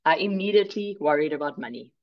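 Woman, from South Africa, workshop presenter, measured delivery, dull audio. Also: deep voice, lively intonation. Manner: clear, measured, lightly humorous.

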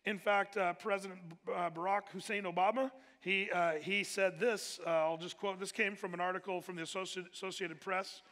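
Bright-voiced man preaching in an echoing hall. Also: high-pitched, steady tone, moderate pace, hardly any pauses. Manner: conversational, with many fillers and restarts. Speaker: pastor. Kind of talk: sermon. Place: church hall. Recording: echoey hall with long reverb.

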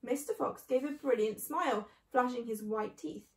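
Expressive woman reading a children's book. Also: fairly high pitch, moderate pace, reverberant, distant mic, low-quality recording. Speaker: storyteller.

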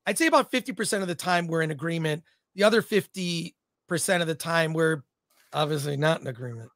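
A man's voice: on the high side, a little fast, a bit bright, dry recording, studio quality. A man co-hosting a film talk livestream, joking and reading viewer comments aloud. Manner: talkative, jokey, reads chat aloud. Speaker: co-host of a film talk show. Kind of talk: casual livestream chat.

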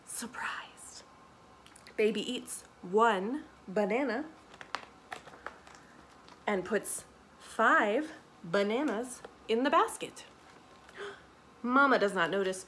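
A children's librarian reading a picture book aloud, animated, with gasps, whispered asides, questions to the children and Spanish words. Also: female voice, mid-range voice, slow, pauses often, a little hiss or hum. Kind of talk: storytime read-aloud for kids.

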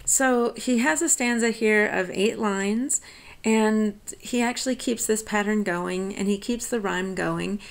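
An American woman professor reads verse in an unhurried way and then talks it through in easy, chatty asides. Her voice has a gravelly, creaky edge at a middle pitch. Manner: reads verse slowly, then explains in relaxed conversational asides. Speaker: college professor. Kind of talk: lecture on a poem, reading lines aloud and explaining.

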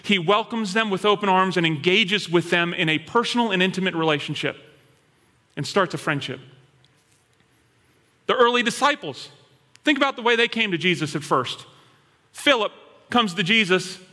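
A male pastor preaching a sermon in an animated storytelling manner. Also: sits high, moderate pace, pauses often. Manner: animated storytelling, acting out quoted voices. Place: church hall. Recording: long hall reverb.

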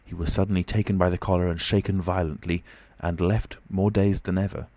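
A man narrating an audiobook of a classic novel in a measured, even reading. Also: low-pitched, dry recording. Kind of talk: scripted narration.

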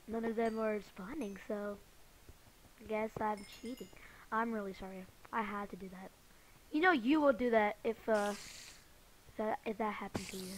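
A woman giving let's play commentary, excitable and panicky, repeating phrases over and over. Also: mid-range voice, a little slow, pauses often, slight background noise. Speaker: gamer.

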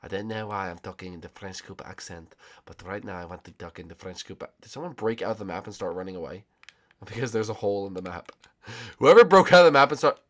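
A man's voice: low-pitched, fairly even intonation, quick pace. A man playing a hide-and-seek game with friends, goofy and jumping into silly voices and mock threats. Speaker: gaming YouTuber.

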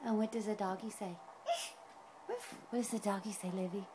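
A woman reading a picture book aloud to her toddler at home, gently coaxing with questions. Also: medium pitch, steady tone, fast, very noisy.

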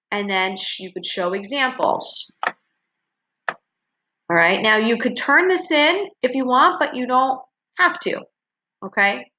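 Her voice is high, pushed, and bright, and there's a little hiss or hum in the recording. She's a teacher guiding students through their assignments online step by step, regularly pausing to say "okay" and "right."

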